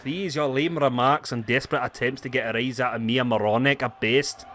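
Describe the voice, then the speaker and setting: A man's voice: mid-range voice, steady tone, a little fast, a bit bright, a little hiss or hum, close to an everyday voice. A man voicing an arrogant male wrestler villain who mocks his rival in pompous, condescending words. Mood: smug. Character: arrogant male wrestler villain, smug self-proclaimed genius.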